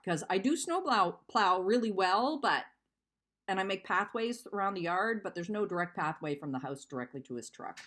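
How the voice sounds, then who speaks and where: A woman's voice: mid-range voice, lively intonation, normal speed, a bit bright. A woman in her fifties venting in a vlog, upset and telling a rambling, profane story. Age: 50s. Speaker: vlogger. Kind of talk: emotional personal venting.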